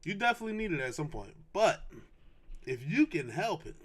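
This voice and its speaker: A young adult man hosting a podcast, telling a casual story in a slangy, animated way and repeating lines for emphasis. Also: fairly high pitch, fairly quick, breathy edge. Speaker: podcast host.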